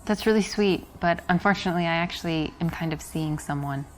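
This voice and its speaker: Woman playing an unimpressed american girl, low voice, dry and polite, soft music under it. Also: brisk, lightly acted. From United States. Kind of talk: game dialogue.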